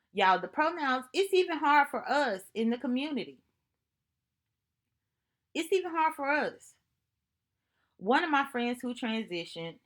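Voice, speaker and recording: Slow, earnest woman with higher voice. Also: fairly bright tone. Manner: earnest, thoughtful, unhurried storytelling with repetitions. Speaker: vlogger. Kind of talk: reflective personal monologue.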